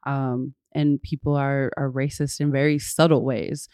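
A woman's voice: extremely low pitch, level tone, a little slow, dark tone. A woman guest from talking in an earnest, thoughtful way, with fillers, in a casual conversation. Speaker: podcast guest.

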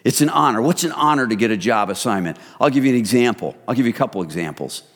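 A middle-aged man preaching a sermon as pastor, in a relaxed, conversational way that speaks to listeners as "you guys". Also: mid-range voice, quick pace. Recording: reverberant hall.

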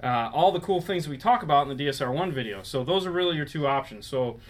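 A man's voice: fairly high pitch, expressive, fast. A man hosting a casual live-stream show, explaining car audio setups in a rambling, self-correcting way.

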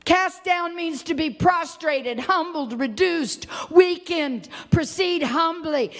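A middle-aged woman preaching a sermon, swinging from loud impassioned cries to hushed, low, tearful tones. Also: slow, hardly any pauses, big-room sound. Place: church sanctuary.

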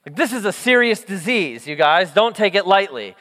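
A young man preaches a sermon with a high-pitched, bright, ringing voice. He tells the story in an animated way and slips into the voices of its characters. The sound carries a long hall reverb. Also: moderate pace. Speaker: pastor.

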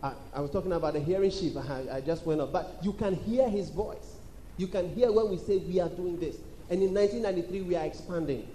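A man preaching a sermon in a church hall, emphatic and repetitive, calling for responses and acting out shouted quotes. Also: high voice, a little fast. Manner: acts out quoted voices and shouts. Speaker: pastor. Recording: echoey church hall with faint background noise.

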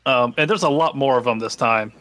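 A man narrating as game master of a tabletop game, relaxed with many fillers. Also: mid-range voice, brisk.

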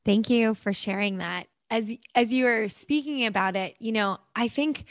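A woman's voice: a little high, moderate pace, dry recording. A woman in her thirties hosting a casual interview, chatty and self-interrupting, laughing easily. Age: 30s. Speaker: podcast host.

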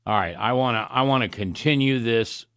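Hosting a Christian talk radio show despite a cough, a man speaks in a mid-range voice at a moderate pace. The studio sound is clean with no echo, and his manner is folksy and animated as he thinks aloud with plenty of restarts.

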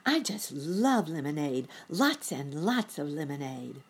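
A woman voicing a young bunny boy in a storybook reading, high and eager. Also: very animated, a little slow, husky, exaggerated voice. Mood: delighted. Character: excitable little bunny boy.

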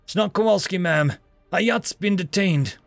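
A man's voice: high voice, normal speed, creaky, dry recording, soft background music, pitched above the performer's own voice. A man voicing a tough woman marine sergeant who speaks in a clipped, commanding way. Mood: stern.

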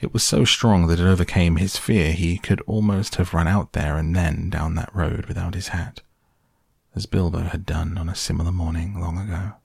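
Deep gravelly male audiobook narrator. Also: no room sound, studio quality. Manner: steady, unhurried storytelling. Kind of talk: scripted narration.

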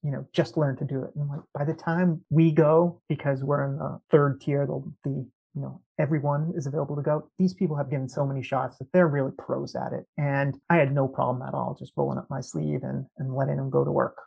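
A man's voice: medium pitch, flat delivery, fairly quick, gravelly, few pauses, slightly rough, muffled recording. A man in casual conversation, telling travel and vaccination anecdotes and acting out the voices of people he quotes. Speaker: guest.

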